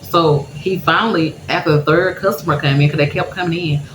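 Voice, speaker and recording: A woman's voice: deep voice, fairly even intonation, fairly quick. A woman vlogger telling her viewers a personal story in a candid, emotional way, laughing through sad memories. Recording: echoey room with background noise.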